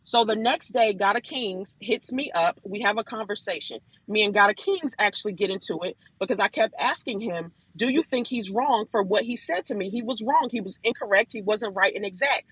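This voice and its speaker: Husky, bright-voiced woman telling her story. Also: mid-range voice, fairly quick, hardly any pauses, no echo, rough recording. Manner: animated, emphatic, often addresses listeners as y'all. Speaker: room host telling her side of a dispute. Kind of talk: casual storytelling on a live audio chat room. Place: online audio room.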